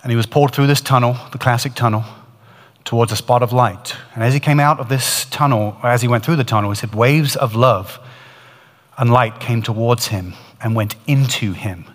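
A man's voice: medium pitch, moderate pace, in a large hall. A man preaching, retelling a testimony in earnest, building storytelling with frequent restarts. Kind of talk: storytelling sermon.

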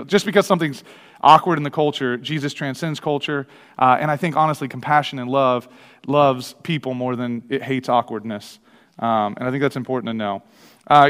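Fast-talking man preaching in a hall. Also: on the high side. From American Midwest. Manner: energetic, conversational, many restarts and acted-out quotes. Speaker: pastor. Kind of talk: sermon with personal stories. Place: church sanctuary. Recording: long reverb of a large hall.

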